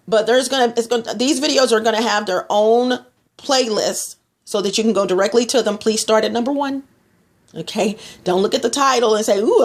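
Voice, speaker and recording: A middle-aged woman from Texas talking casually to camera about faith and her skin products, rambling and restarting often. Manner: rambling, restarts a lot, mocks others in a higher voice. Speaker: vlogger selling skin products.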